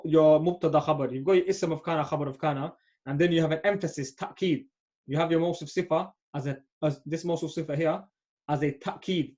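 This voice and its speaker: A man's voice: fairly high pitch, darkish tone. A man teaching an Arabic grammar class, patient and often checking understanding. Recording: dull lo-fi audio.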